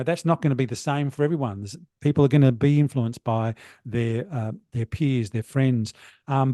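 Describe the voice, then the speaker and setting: A middle-aged man coaches in a motivational, rambling way on a podcast. His voice is mellow and relaxed. He is recorded dry over a remote call mic. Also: medium pitch, no echo. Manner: earnest, rambling, many "you know" fillers. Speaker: guest, wellness coach.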